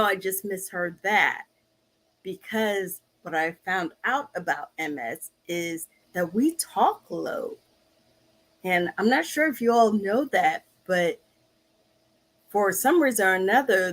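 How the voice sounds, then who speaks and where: A woman talking casually to her viewers, slow and searching, often restarting her sentences. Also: fairly low pitch, fairly bright tone. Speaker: vlog host. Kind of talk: casual personal talk to camera.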